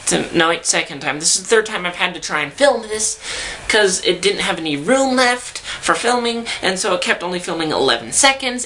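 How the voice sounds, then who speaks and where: A young woman vlogs from home, chatting casually to her camera mic and rambling with self-deprecating asides. Her voice is on the low side yet bright and forceful, and the low-quality recording has a little hiss or hum.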